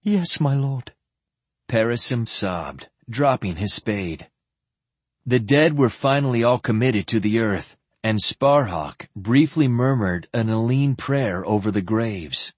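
A man narrating a fantasy audiobook in an expressive storytelling manner. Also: on the low side, takes it slowly, slightly rough, no room sound. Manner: expressive storytelling with voiced characters.

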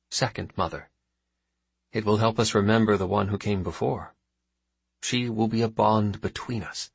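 A man voicing a gentle, kindly middle-aged stepmother in a storybook reading, speaking softly and in a measured way. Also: lowish voice, creaky, breathy edge, no echo, exaggerated voice.

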